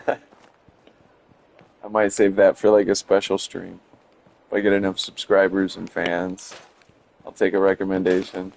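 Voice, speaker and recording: Gravelly low-voiced man streaming a game. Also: completely flat delivery, unhurried, long pauses, a little mellow, rough recording. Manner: rambling, many fillers, chuckling. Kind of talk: casual gameplay commentary.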